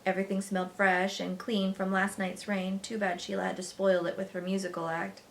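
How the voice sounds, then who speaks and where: A woman teacher reading a children's novel aloud with expressive storytelling. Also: medium pitch, brisk, a little hiss or hum.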